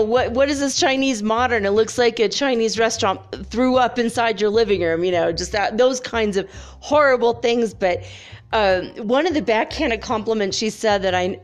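This woman, speaking at medium pitch, recounts a story casually and conversationally, breaking into frequent laughter and padding gaps with ums and you-knows.

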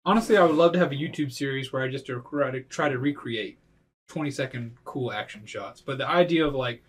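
Giggly game master narrating. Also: male voice, mid-range voice, a little fast, slightly rough. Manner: giggly, animated storytelling.

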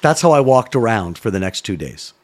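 A middle-aged man from Canada, a former sports broadcaster, telling a story in a casual chat, animated and swearing freely. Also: on the low side, brisk. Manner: animated, swearing, acts out voices in his stories.

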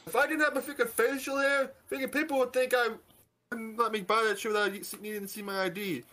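Fast, high, swearing male podcast guest. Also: fairly even intonation, sharp tone. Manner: rapid, swears constantly. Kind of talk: casual podcast chat.

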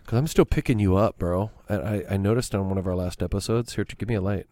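A man's voice: on the low side, fast talker, warm tone, no room sound, studio quality. A middle-aged man hosting a podcast, talking in a laid-back, rambling, casual way. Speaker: podcast host, father.

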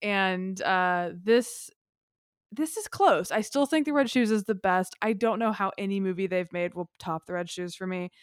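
A woman's voice: mid-range voice, normal speed, clean tone, no room sound, clean studio sound. A woman co-hosting a podcast, talking about films in an enthusiastic, rambling way full of fillers. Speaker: podcast co-host. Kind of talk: casual film chat.

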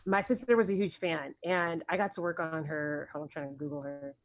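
A woman's voice: low voice, fairly even intonation, brisk, dry recording. A woman guest on a podcast, telling stories from her career in a chatty, rambling way with many ums and likes. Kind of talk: casual interview storytelling.

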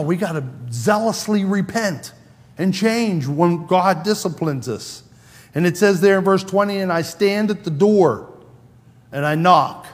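A man's voice: a little high, long reverb tail. A man preaching a sermon in a conversational way, acting out quoted lines with a raised voice. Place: church sanctuary.

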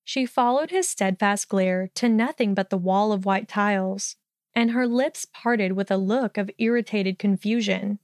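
A woman narrating a story in a steady, measured reading voice. Her tone is smooth and clear, and the recording is dry with no room echo. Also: medium pitch.

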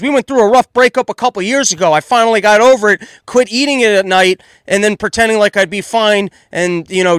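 Male podcast host, 30s, higher voice, loud exasperated comic ranter, dry booth. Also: no echo. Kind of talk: solo comedic commentary rant.

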